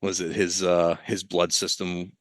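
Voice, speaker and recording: A man's voice: low-pitched, little pitch movement, unhurried, dry recording. A man who is a podcast guest, talking in a rambling, self-interrupting casual chat and laughing often.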